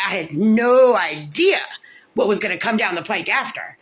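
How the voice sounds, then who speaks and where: A woman's voice: animated, normal speed. An American woman talking straight to her audience in a heated personal rant. Her mid-height voice swings widely, leaping up whenever she's indignant, and she swears and fills with "like" throughout. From United States. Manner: swears often, repeats "like", pitch leaps when indignant. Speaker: parent telling about her court case. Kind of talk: angry personal rant to camera.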